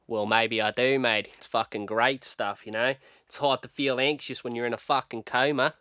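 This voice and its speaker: A man voices a brash Australian film star in a comedy radio sketch. He swears freely and leans on mate at the end of every line. The voice is mid-pitched and recorded close and dry. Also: fairly even intonation, moderate pace, sharp tone, smooth, no room sound, lightly acted. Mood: blunt. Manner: foul-mouthed, keeps saying mate. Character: crude, arrogant male Australian film star. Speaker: interview guest.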